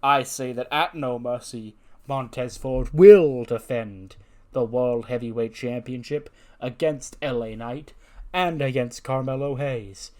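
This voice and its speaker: A man voicing an officious male wrestling authority figure who makes slow, formal announcements. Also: mid-range voice, a little mellow, lightly acted. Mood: official.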